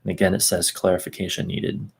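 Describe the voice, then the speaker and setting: Low raspy guy reading stuff out loud, trips on names and comments as he goes. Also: monotone. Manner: reads aloud slowly, stopping for asides and second tries at names. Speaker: host reading aloud.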